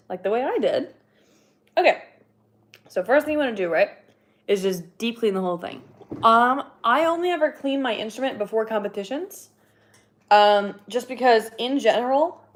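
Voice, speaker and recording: A young woman chatting casually on a livestream while cleaning her horn, rambling with lots of fillers and laughing now and then, a little out of breath. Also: fairly high pitch. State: slightly out of breath.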